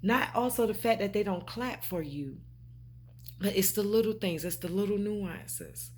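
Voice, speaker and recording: Unhurried and a little mellow, with a breathy edge and medium pitch, a woman speaks directly to camera as a spiritual vlogger. She repeats her points insistently and preachily, calling viewers babe and honey.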